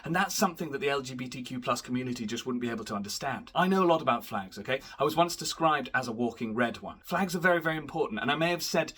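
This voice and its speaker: A man's voice: medium pitch, expressive, fast talker, hardly any pauses, a bit bright, breathy edge. A man playing an indignant male right-wing politician, ranting and easily outraged.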